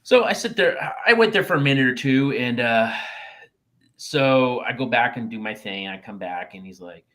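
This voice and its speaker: A man's voice: medium pitch, moderate pace. A man on a podcast telling a rambling, profane story from his wrestling days, acting out what people said. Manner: animated, profane anecdote-telling with acted-out quotes. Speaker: podcast co-host, former wrestler. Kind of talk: casual storytelling chat.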